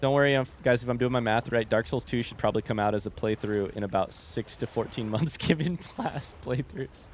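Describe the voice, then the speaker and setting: A man's voice: medium pitch, level tone, quick pace, few pauses. Male streamer, casual rambling chat over gameplay, faint background noise. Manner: rambling, chatty, addresses chat directly. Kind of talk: casual livestream chat while gaming.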